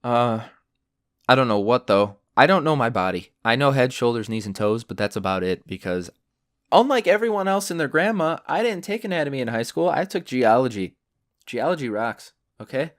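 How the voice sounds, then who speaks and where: A young man hosting a podcast and telling stories in a rambling, sarcastic way, with lots of fillers, and his pitch jumps when he gets worked up. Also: big pitch swings, moderate pace, no room sound, clean studio sound. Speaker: podcast host. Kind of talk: casual solo storytelling.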